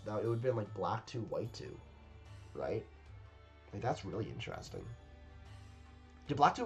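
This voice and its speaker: A man's voice: on the low side, darkish tone. A man reacting to a game trailer in casual commentary, rambling and hesitant with lots of fillers and repeated words, recorded at a home webcam setup.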